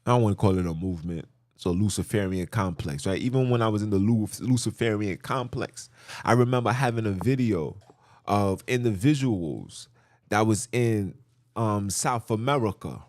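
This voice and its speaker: A man hosting a podcast, delivering an impassioned religious monologue with an animated, preachy manner and a habit of repeating himself for emphasis. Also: on the low side, no room sound. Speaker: podcast host.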